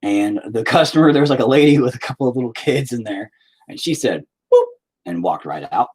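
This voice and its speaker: A man's voice: medium pitch, animated, fast, a little mellow, husky. A man telling a rambling, profane story in casual chat while live-streaming his painting.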